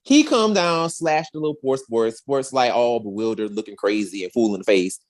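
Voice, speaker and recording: A woman's voice: a bass voice, lively intonation, a little fast, darkish tone. A woman co-hosting a podcast review in casual chat, retelling scenes animatedly and acting out lines in exaggerated voices. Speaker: podcast co-host reviewing a show.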